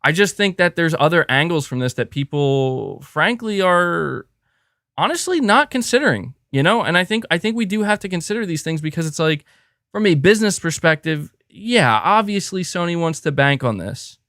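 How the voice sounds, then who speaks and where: A man hosting a live reaction stream. He reads out viewer messages and talks in quick restarts. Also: on the high side, animated, a bit bright, no room sound, studio quality. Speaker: livestream host.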